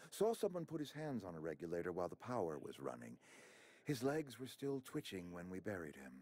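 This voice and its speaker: A man voices a video game character, a pompous middle-aged outpost administrator who speaks formally, fussily and ingratiatingly. His voice is mid-range with a darkish tone.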